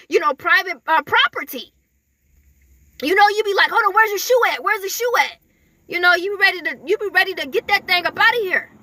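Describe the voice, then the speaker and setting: A woman's voice: extremely high pitch, sharp tone, dry recording. A woman giving casual spiritual messages in a chatty way, full of fillers, often laughing. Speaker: spiritual messenger.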